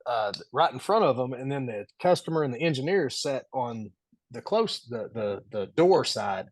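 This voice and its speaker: A man's voice: mid-range voice, animated, normal speed, dry recording. A man guest on a podcast, telling stories casually and animatedly, laughing often and acting out the quotes. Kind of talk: casual storytelling.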